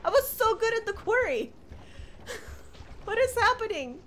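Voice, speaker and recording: A young woman streaming a game and chatting with viewers, who shrieks and yells at the game and then apologizes. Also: very high voice, sing-song, takes it slowly. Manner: chatty, greets viewers by name. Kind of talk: casual live-stream game commentary. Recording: noisy home stream recording.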